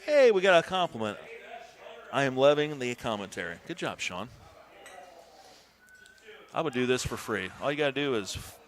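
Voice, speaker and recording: A man doing casual live commentary on a golf video game tournament, swearing and breaking into shouts. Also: medium pitch, moderate pace, long pauses. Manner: excitable, swears, bursts into shouts.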